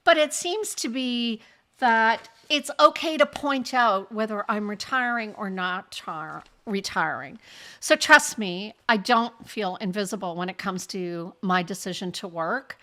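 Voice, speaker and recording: Slow-spoken older woman telling stories. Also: medium pitch. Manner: animated, acts out quoted remarks; frank, laughs while telling. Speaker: podcast host. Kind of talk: personal storytelling monologue.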